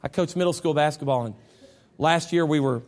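A man of forty preaching a sermon, swinging from loud shouted lines to quiet prayer and restarting his words often. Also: fairly high pitch, brisk. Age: 40s.

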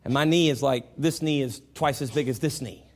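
A man of forty preaching a sermon, swinging from loud shouted lines to quiet prayer and restarting his words often. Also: medium pitch, fairly quick. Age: 40s.

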